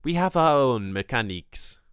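An impassive alien prison leader with stone-cold delivery and oddly placed stresses, put on by a male narrator. The voice is lifted well above the narrator's own and stays smooth and clear. It is a dry audiobook take with no room around it. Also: mid-range voice, animated, a little slow, fairly bright tone, dry recording, voice pushed up. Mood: stern, probing. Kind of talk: audiobook character voice.

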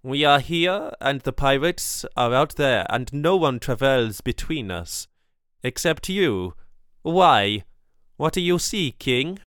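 An impassive alien prison leader with stone-cold delivery and oddly placed stresses, put on by a male narrator. The voice is lifted well above the narrator's own and stays smooth and clear. It is a dry audiobook take with no room around it. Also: a little high, lively intonation, a little slow, no echo, pitched above the performer's own voice. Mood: stern, probing. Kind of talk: audiobook character voice.

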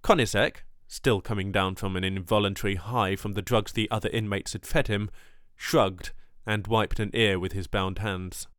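Low, smooth male audiobook narrator. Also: fairly even intonation, moderate pace, hardly any pauses, fairly bright tone, no echo, clean studio sound. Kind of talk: first-person audiobook narration.

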